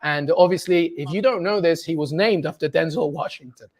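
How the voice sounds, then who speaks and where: A man telling a football anecdote with eager, animated delivery and lots of repetition. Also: a little high, brisk. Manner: expressive, eager, repeats himself. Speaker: football pundit. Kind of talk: animated storytelling.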